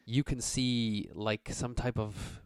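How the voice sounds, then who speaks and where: A man's voice: mid-range voice, slow pace, clean tone, dry recording, studio quality. A man running a tabletop game as game master, narrating in a loose, rambling way with plenty of fillers. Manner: relaxed and rambling, many fillers.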